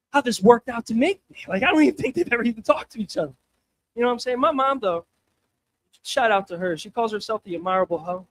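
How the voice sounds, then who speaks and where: High-voiced man rambling through stand-up. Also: a bit bright, slight background noise. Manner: loose, rambling, crude with filler "man". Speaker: stand-up comedian. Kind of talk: stand-up comedy set. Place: comedy open mic night at a venue.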